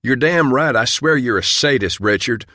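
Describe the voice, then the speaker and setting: A man's voice: low voice, little pitch movement, brisk, no echo, clean studio sound, lightly acted. A man voicing an exasperated male patient in dental pain, talking in a strained, complaining way.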